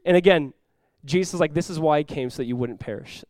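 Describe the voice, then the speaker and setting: A male pastor delivers a lively sermon, jumping into acted-out lines and loud exclamations. His voice sits a bit high for a man. The sound is dry and close, with no room echo. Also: quick pace. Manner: animated preaching, acting out dialogue with sudden loud outbursts.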